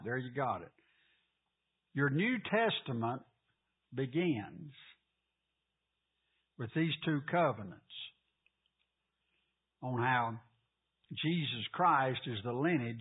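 Husky teacher, questioning, repetitive, phone-quality audio. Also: male voice, mid-range voice. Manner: asks the class questions, repeats key points. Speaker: Bible teacher. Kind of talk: Bible class teaching.

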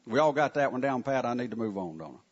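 A man preaching a sermon to his congregation in a church, folksy and animated, with asides to the listeners. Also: medium pitch, fast, breathy edge. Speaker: pastor. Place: church sanctuary. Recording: muffled lo-fi sound.

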